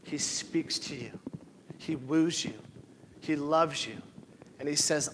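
A man's voice: a little high, slow pace, pauses often, fairly bright tone, slight background noise. A man preaching a sermon with impassioned delivery, building to emotional peaks and near tears. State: tearful. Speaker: pastor.

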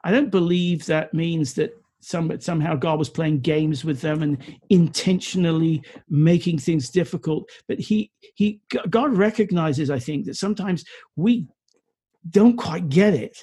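A man delivers a sermon earnestly, now and then tripping over his words and slipping into quiet reflection. His voice is a touch high, a touch slow, and husky.

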